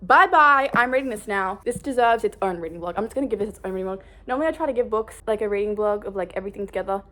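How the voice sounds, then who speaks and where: A woman vlogging in a casual, rambling way, bubbly and excitable. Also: mid-range voice, racing. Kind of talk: casual chat.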